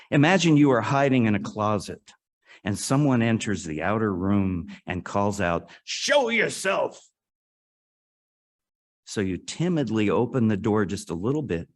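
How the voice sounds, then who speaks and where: Earnest low-voiced man preaching. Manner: earnest, with dramatic rises and hushed drops. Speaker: guest speaker at a congregation. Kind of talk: sermon with storytelling. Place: worship service hall.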